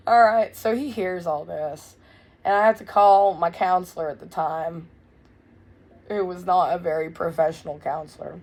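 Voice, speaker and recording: A young woman telling a wild story in a casual, blunt, profane way, loud and animated. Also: on the low side, moderate pace. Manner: blunt, profane, swears freely. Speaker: vlogger.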